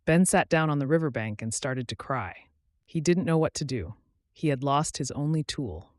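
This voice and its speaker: Clear, expressive male storyteller, medium pitch with a lot of lift, dry close sound. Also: moderate pace, dry recording. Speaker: channel host and storyteller. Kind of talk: scripted story narration for English learners.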